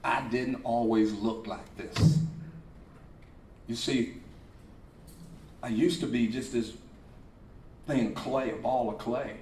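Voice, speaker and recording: A man voicing a talking teapot that sounds like an older mother, telling its story slowly and quietly in an echoey hall. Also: medium pitch, fairly even intonation, slight background noise, close to an everyday voice. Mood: wistful. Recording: echoey hall, speaker far from mic.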